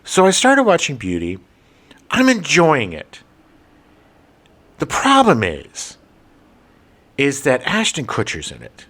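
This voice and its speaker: A middle-aged man co-hosting a podcast, telling stories in casual chat with an expressive, laughing delivery. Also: fairly high pitch, slow pace, pauses often. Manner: animated, expressive, laughing storyteller. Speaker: podcast co-host.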